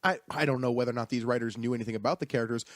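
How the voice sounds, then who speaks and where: A man's voice: medium pitch, fairly even intonation, rapid-fire, dry recording, studio quality. A man co-hosting a podcast, chatting casually with joking asides. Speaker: podcast co-host.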